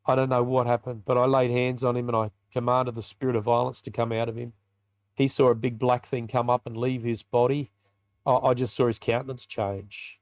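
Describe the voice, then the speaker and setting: A man's voice: medium pitch, no room sound, dull audio. An Australian man, a biker ministry leader, telling a personal story in a podcast interview in a colloquial, vivid way and acting out the dialogue.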